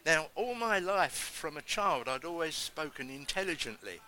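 A man giving an emphatic sermon testimony, telling his story and acting out the words of others with big swings in pitch. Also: very animated, normal speed, pushed and bright, poor audio.

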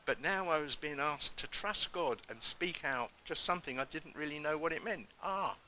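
A man giving an emphatic sermon testimony, telling his story and acting out the words of others with big swings in pitch. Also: moderate pace, bright, forceful tone, a little hiss or hum, low-quality recording.

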